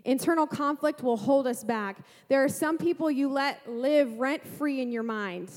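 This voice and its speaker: A woman pastor preaching a sermon to a congregation, lively, asking rhetorical questions and making playful asides. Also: high voice, moderate pace, long reverb tail.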